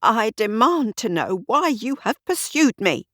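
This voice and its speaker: A man's voice: high voice, sing-song, a little slow, a bit bright, no echo, studio quality, voice pushed up, full character voice. A woman voicing a pompous, indignant male suspect who sneers and protests, in an audiobook mystery.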